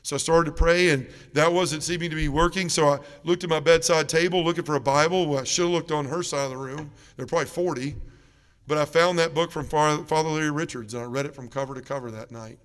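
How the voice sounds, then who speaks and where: A man's voice: a little high, fairly even intonation, quick pace, a bit bright, long reverb tail. Earnest man testifying in a large church. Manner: earnest storytelling, acts out the voices of others. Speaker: parish mission speaker giving testimony. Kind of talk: testimony talk to a church congregation.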